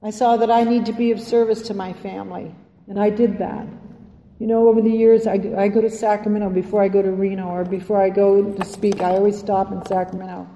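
Older lady sharing her story at a meeting, dark voice, long hall reverb, faint room noise. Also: mid-range voice, little pitch movement, a little fast. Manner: rambling heartfelt storytelling. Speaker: Al-Anon speaker. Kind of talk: recovery meeting share. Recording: echoey hall, faint ambience.

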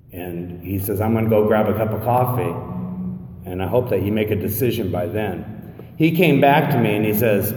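Fifty-year-old man telling a story in an echoey hall. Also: medium pitch. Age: 50s. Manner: animated storyteller, acting out quoted dialogue with stammered restarts. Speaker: recovery meeting speaker. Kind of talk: personal recovery story told to a crowd. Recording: echoey hall, mic from a distance.

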